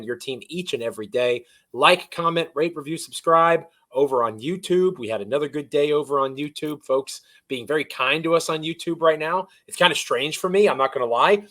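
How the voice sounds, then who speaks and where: A man's voice: mid-range voice, a bit bright. Chatty self-deprecating male podcast host. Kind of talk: sports podcast chat.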